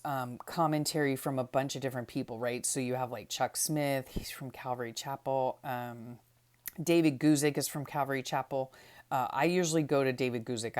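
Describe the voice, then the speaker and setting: A woman's voice: rumbling low, darkish tone. A middle-aged woman casually walking through her Bible study process, chatty with many fillers and tag questions. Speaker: vlogger.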